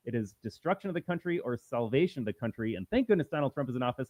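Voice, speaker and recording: A man's voice: mid-range voice, expressive, quick pace, hardly any pauses, dry recording, dull audio. A man co-hosting a casual political podcast from a shed, talking in a wry, declarative way. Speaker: podcast co-host.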